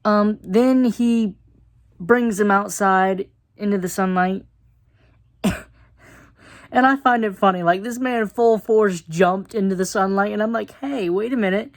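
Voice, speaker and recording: A woman in a relaxed, talkative episode review, full of fillers and asides. Her voice sits at a middle pitch. She sounds amused and informal throughout. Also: measured pace, pauses often. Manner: chatty, lots of fillers, amused.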